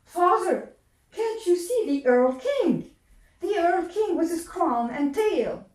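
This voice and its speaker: A woman's voice: very high-pitched, very animated, slow, a little mellow, pitched above the performer's own voice, exaggerated voice. A woman voicing a frightened, sick little boy who pleads with his father, his voice rising toward a cry. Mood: terrified pleading. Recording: roomy, from a distance.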